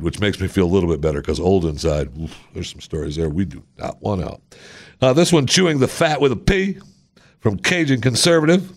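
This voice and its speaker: A man's voice: low-pitched, expressive, fairly quick. A man hosting a podcast in a casual, wry, self-deprecating way, joking as he reads out listener reviews. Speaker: podcast host.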